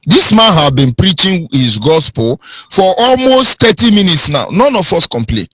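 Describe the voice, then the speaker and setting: Nigerian guy preaching hard on a radio show, husky voice, pitch all over the place. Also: very animated, normal speed, fairly bright tone, no echo. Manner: preachy, emphatic, swings from low and grave to high and heated. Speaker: radio anchor. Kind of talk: impassioned radio talk.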